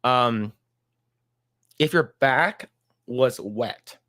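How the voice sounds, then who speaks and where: A man's voice: medium pitch, extremely slow, pushed and bright, dry recording, clean studio sound. A man hosting a casual livestream chat, rambling and laughing often. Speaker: podcast host.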